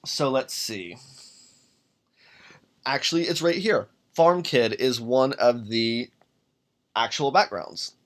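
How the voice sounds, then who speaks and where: Solo podcast host, man, mid-pitched, hesitant think-aloud delivery. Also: takes it slowly, pauses often, fairly bright tone. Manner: thinking aloud, many ums and restarts. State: has the hiccups. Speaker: podcast host making a character. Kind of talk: casual solo walkthrough.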